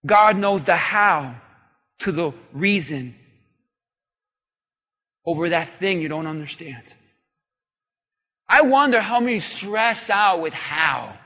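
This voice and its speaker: A male pastor preaching emphatically and calling on the congregation to answer back. His voice sits very high and sounds bright and sharp. A long reverb rings around him in a big church hall. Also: animated, takes it slowly, long pauses. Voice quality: emphatic, call-and-response preaching. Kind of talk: sermon.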